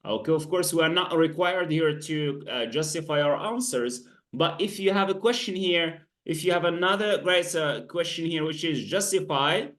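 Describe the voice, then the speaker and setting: A man's voice: fairly high pitch, normal speed, few pauses, fairly bright tone. A man tutoring English over a video call, praising and correcting pronunciation. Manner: encouraging, corrects pronunciation, mixes in French and Darija. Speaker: English teacher. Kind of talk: online tutoring lesson.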